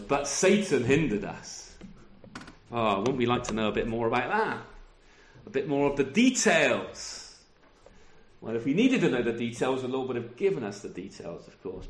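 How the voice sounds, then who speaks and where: A man's voice: medium pitch, echoey room. A middle-aged man preaching a sermon over a video call, talking conversationally and often ending with tag questions. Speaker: pastor.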